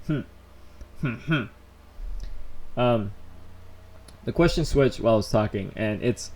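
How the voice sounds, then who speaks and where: A young man telling stories on a casual live stream, rambling and animated, full of fillers and restarts. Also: on the low side, moderate pace, vocal fry, pauses often, husky. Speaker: vlogger.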